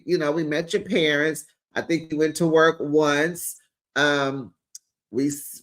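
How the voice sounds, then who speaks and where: A man hosting a casual reality TV recap, sassy and animated, talking straight to his viewers. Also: a little high.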